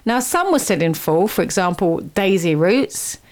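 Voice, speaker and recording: A woman's voice: on the low side, sing-song, measured pace, a little mellow. A woman hosting a radio show in a studio, chatty and teasing as she quizzes her guests. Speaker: radio host.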